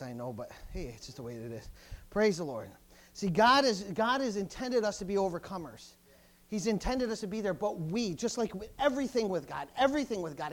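A man preaching a sermon, folksy and joking at times, building up to shouts with many hallelujahs and praise the Lords. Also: high-pitched. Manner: folksy, jokey asides. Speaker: pastor.

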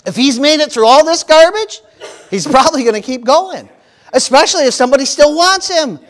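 A man preaching a sermon in a church, lively and playful, acting out panicked voices and calling out to the congregation. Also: very high-pitched, brisk. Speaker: pastor.

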